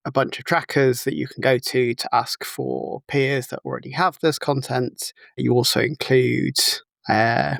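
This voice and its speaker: A man's voice: mid-range voice, steady tone, measured pace, vocal fry, few pauses, a bit bright, dry recording. A man taking part as a guest in a casual podcast chat over a video call, explaining things step by step with many fillers. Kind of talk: casual technical discussion. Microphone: remote video call.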